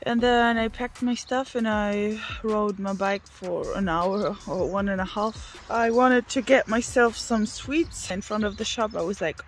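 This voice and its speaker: A woman's voice: mid-range voice, measured pace, soft background music. Give me a woman, talking openly to camera outdoors in a casual travel vlog. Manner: candid, self-talking, swears freely when frustrated. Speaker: bikepacking vlogger. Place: outdoors on the road.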